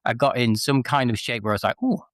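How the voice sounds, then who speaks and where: A man's voice: medium pitch, steady tone, fast, a bit bright, dry recording. Forties guy from northwest england, chatty and self-mocking, telling wrestling stories, dry close mic. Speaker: interview guest, former wrestler. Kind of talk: casual interview chat.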